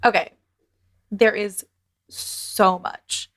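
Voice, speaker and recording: A woman co-hosting a podcast in casual chat, wry and quick to joke. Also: mid-range voice, fairly even intonation, fairly bright tone. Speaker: podcast co-host.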